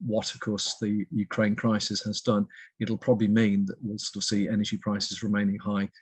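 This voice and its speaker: Husky-voiced man, hesitant expert. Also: fairly low pitch, little pitch movement, moderate pace. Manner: hesitant, heavy use of fillers like "sort of". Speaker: guest expert, economist. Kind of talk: interview answer.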